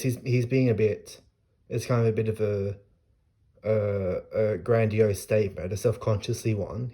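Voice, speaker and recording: A man's voice: lowish voice, dark tone. A man casually explaining a poem, thinking aloud with frequent hesitations and restarts. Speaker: literature explainer. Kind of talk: casual spoken poetry analysis.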